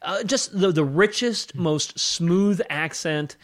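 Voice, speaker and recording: A man's voice: high-pitched, slow. A man co-hosting a podcast, talking about a film in an easygoing way, laughing often and repeating words as he goes. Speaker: podcast co-host. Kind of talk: casual film discussion.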